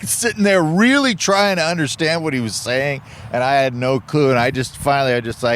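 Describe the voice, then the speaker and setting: Laughing self-deprecating co-host. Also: male voice, mid-range voice, fairly quick, few pauses, fairly bright tone, a little hiss or hum. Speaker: podcast co-host and comedian. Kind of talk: casual comedic chat.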